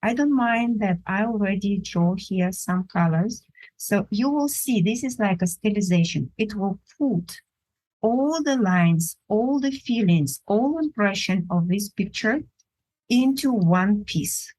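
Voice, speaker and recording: Female art instructor, mid-pitched, unhurried, halting delivery during a drawing demo. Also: lively intonation, a little mellow, low-quality recording. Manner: halting, searching for words; unhurried, thinking aloud while drawing. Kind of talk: drawing demonstration lesson.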